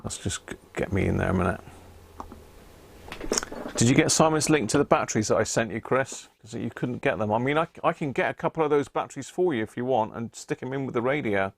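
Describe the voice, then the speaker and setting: A man's voice: medium pitch, animated, brisk, gravelly, dry recording, studio quality. A man hosting a casual live stream, rambling as he answers viewers from the chat. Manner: chatty, rambling, with restarts while reading chat aloud. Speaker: host of a radio-hobby live stream.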